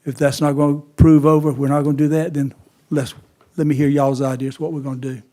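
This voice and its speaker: A man, a county council member speaking in a halting, conciliatory way at a meeting. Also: a little high, little pitch movement, mellow.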